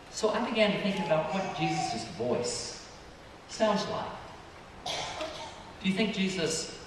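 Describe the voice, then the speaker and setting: Priest questioning children in an echoing church. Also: male voice, a little high. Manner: asks children questions and waits for their answers; gentle and questioning. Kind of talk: children's sermon. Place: church sanctuary. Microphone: distant room mic. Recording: echoey church hall, distant mic, background noise.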